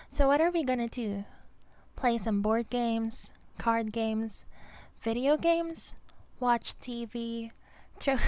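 A giggly young vampire girlfriend, played by a woman in an audio role-play, clinging and teasing her partner. Her voice sits a little high and she talks slowly, lingering over her words. The sound is dry and close. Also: smooth, dry recording.

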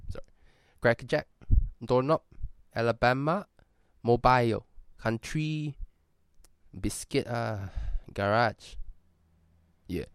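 Reading prompts for an accent tag, this vlogger chats in a fake Singaporean English accent, staying playful and profane and tossing in jokes. He speaks slowly at medium pitch, pausing often, with a clean tone and no room sound.

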